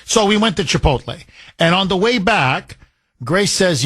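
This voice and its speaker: A middle-aged man hosting a talk radio show, taking callers in an animated, emphatic, rambling way. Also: high-pitched, a little slow, husky, no room sound. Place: radio studio.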